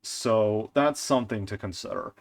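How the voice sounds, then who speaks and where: A young man giving casual commentary on game stats, animated and ranting, with frequent fillers and restarts. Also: lowish voice, moderate pace. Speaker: gaming content creator.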